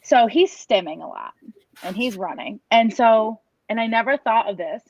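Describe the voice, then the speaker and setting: A woman's voice: a little high, animated, moderate pace, highs cut off. A woman in her thirties telling an emotional personal story about her son, earnest and rambling, full of restarts and quoted thoughts. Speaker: parent giving a testimonial.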